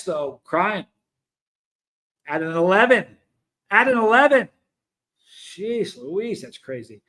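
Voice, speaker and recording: This livestream host has a high, fairly bright voice. He chats casually and reads viewer comments aloud, rambling and often cutting himself off mid-sentence to begin again.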